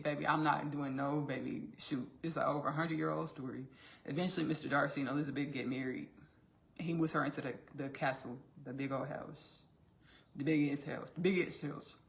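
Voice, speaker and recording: A woman hosting a casual livestream, retelling a story in an animated way, with many fillers and restarts. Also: deep voice, brisk, vocal fry. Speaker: livestream host.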